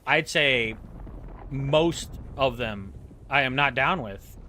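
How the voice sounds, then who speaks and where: A man's voice: mid-range voice, lively intonation, slow, pushed and bright, a little hiss or hum. A man streaming a game, chatting casually in a rambling, self-mocking, joking way. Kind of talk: casual chat while playing.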